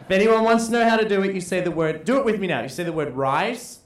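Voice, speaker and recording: A man, co-hosting a casual comedic chat, animated and laughing often. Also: high-pitched, quick pace, slight background noise. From Australia. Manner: animated, laughs often, mimics bird calls. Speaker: podcast co-host. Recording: roomy echo.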